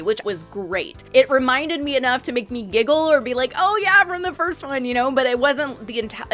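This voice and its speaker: A young woman giving a casual movie review in a chatty, animated way, laughing often. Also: fairly high pitch.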